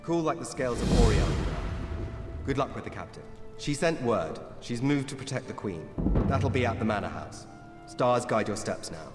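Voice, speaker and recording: An actor playing a stern, brisk male city guard officer in a video game, curt and commanding. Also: medium pitch, animated, natural voice. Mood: businesslike. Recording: game audio with music behind.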